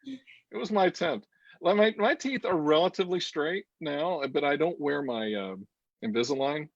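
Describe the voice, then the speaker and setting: A man co-hosting a casual chat show, rambling from one thought to the next with frequent laughs. His pitch swoops up and down animatedly. The sound is dry and slightly dull, typical of a video call. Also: animated, moderate pace, dry recording. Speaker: co-host.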